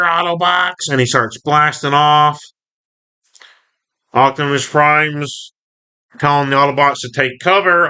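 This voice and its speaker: A man's voice: medium pitch, sharp tone, clear, resonant tone. A man reading and reviewing a comic book in a chatty, rambling way, often correcting himself. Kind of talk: casual comic reading and commentary.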